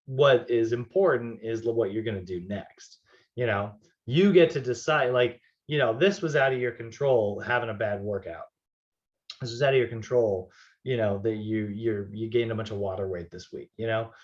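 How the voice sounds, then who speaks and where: A man's voice: fairly low pitch, moderate pace, muffled recording. A man teaching a fitness training class in a casual, chatty way, full of fillers and easy laughs. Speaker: fitness instructor. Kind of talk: classroom lecture.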